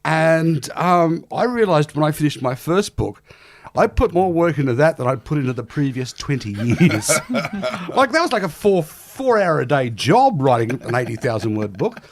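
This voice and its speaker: A middle-aged man with an Australian accent swaps stories in a relaxed podcast chat. His voice sits a little high for a man and swings widely in pitch as he jokes. He laughs often and pokes fun at himself. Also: moderate pace. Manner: animated storyteller, laughs often, self-deprecating. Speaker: guest comedian.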